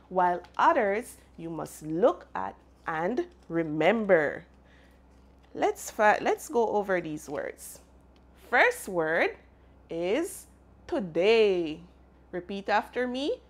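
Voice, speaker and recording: A woman teaching a phonics lesson to young children, modelling letter sounds and words slowly and clearly for them to repeat. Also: medium pitch.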